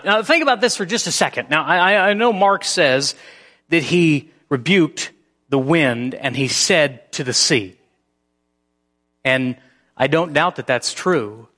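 A man preaching a sermon as pastor. His delivery shifts between hushed, near-whispered passages and emphatic, rising peaks. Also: fairly high pitch.

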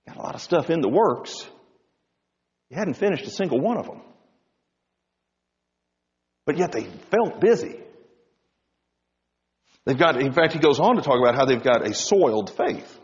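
A male pastor preaching a sermon, swinging between loud emphasis and hushed low tones. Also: big pitch swings, moderate pace, long pauses. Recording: dull sound with long reverb in a hall.

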